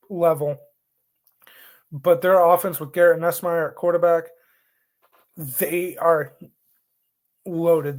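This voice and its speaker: A man hosting a sports show, casually talking through his college football picks, rambling and correcting himself as he goes. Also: on the high side. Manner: rambling, self-correcting, joking melodramatic disgust. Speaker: sports podcast host.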